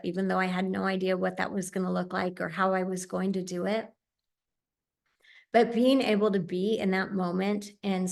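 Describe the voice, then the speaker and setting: A woman's voice: mid-range voice, vocal fry. A woman telling a heartfelt personal story as a medium and speaker, earnest and sincere, with frequent small fillers.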